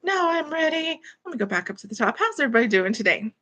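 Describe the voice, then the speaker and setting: A woman's voice: medium pitch, very animated, racing, bright, forceful tone, breathy edge. Chatty woman hosting a home livestream. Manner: chatty and apologetic, greets viewers by name. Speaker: livestream host. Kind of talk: casual livestream chat. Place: home bedroom, at a computer. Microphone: computer mic.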